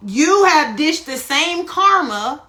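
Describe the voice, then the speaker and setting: A woman giving a casual spiritual tarot reading on a phone live stream, animated and profane, who keeps checking in with her listeners. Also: sits high, takes it slowly. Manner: animated, profane, keeps asking "you see what I'm saying". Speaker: tarot reader.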